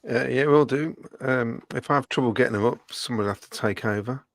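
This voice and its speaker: A man with a croaky voice from a cold, co-hosting a casual fan podcast and reading out viewer comments. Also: medium pitch, a little fast, no echo. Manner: dry, chatty, reads comments aloud.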